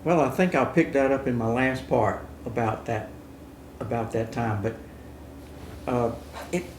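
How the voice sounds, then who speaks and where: A man's voice: mid-range voice, steady tone, unhurried. A man in his seventies, an interview guest, giving brief, plainspoken answers. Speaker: guest and Vietnam veteran. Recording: roomy with faint hiss.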